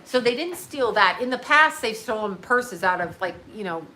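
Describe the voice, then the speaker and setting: A woman's voice: on the high side, expressive, moderate pace, sharp tone. A woman telling a rambling story to her live viewers in a casual, chatty way, swearing freely. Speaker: livestream host.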